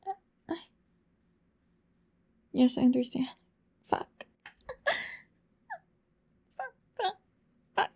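A woman speaking in a breathy, pleading whispered role-play, with frequent sighs and soft whispering. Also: high-pitched, very animated, very slow, pauses often. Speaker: audio role-play performer.

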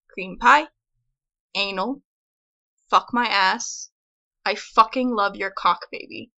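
Soft-spoken woman reading slowly. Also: mid-range voice, lo-fi sound. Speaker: vlogger. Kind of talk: accent challenge word reading.

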